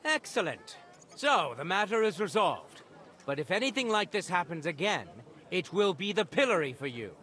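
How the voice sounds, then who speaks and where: An actor playing a stern, formal medieval judge in a video game. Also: male voice, high voice, sing-song, normal speed, sharp tone, heavily acted. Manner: formal, commanding. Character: stern medieval judge, middle-aged man.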